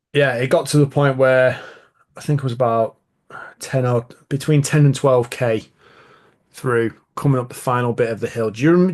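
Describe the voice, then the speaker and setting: A man's voice: medium pitch, darkish tone. A man hosting a podcast, telling rambling stories in a casual chatty way. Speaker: podcast host.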